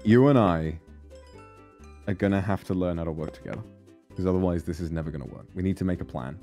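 A man's voice: sits low, quick pace, warm tone, soft background music. A man gaming with a friend, bossy and swearing, trading dry teases and plans. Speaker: co-op gaming guest. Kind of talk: casual gaming banter.

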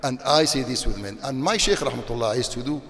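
Sheikh in a hall. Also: male voice, medium pitch, a little fast. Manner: non-native English with frequent Arabic religious phrases, animated when scolding. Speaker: sheikh giving a religious talk. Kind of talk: sermon. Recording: long reverb of a hall.

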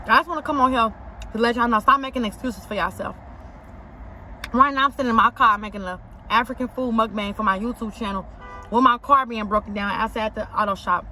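Young woman vlogging in her car, loud bright voice, slangy and emphatic, faint traffic outside. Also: on the high side. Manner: emphatic, repeats herself for punch, slangy. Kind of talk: casual eating vlog talk to camera. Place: inside a parked car outside an auto shop.

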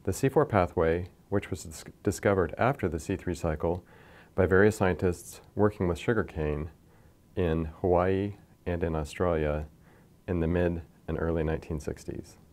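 A man lecturing from slides in a measured, explanatory way, pointing to figures as he goes. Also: deep voice, a little mellow. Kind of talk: scripted science lecture over slides.

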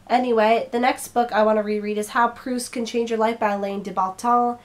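A woman's voice: fairly high pitch, fairly even intonation, a little fast, hardly any pauses. A young woman chatting casually to camera as a book vlogger, her throat a little strained, rambling and now and then stumbling over her words.

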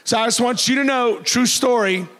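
A pastor delivers a sermon in a loud, animated voice that is high for a man, moving at a moderate pace. He jokes freely with the congregation, and his words ring with the long reverb of a church hall.

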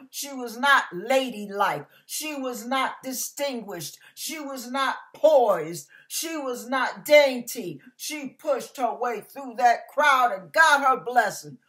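A woman's voice: on the high side, expressive, slow pace, hardly any pauses, a bit bright. A middle-aged woman preaching an emphatic, fiery, folksy sermon.

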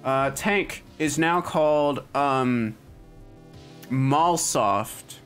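A young male streamer chats casually on a livestream in a medium-pitched, fairly bright voice, drawing out his words. He rambles with plenty of "like" and "um," and faint music plays in the background.

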